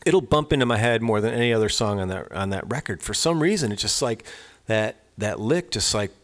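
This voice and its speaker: A man's voice: on the low side, lively intonation, a little fast. A middle-aged American man hosting a radio show, telling a long story in a rambling, chatty way full of asides and restarts. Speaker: radio host. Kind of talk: casual on-air storytelling.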